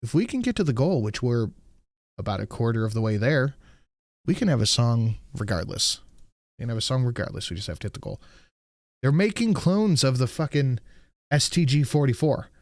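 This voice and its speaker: A man's voice: mid-range voice, very animated, a little fast, darkish tone, no room sound, studio quality. A man hosting a live stream, reacting to clips in a casual, sarcastic way and swearing freely.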